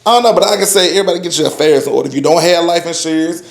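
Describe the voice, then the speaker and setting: A man's voice: fairly high pitch, racing, creaky. A man in his forties talking in a loose, rambling way in a casual roundtable chat, often saying "you know what I'm saying". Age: 40s. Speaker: roundtable guest. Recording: echoey room.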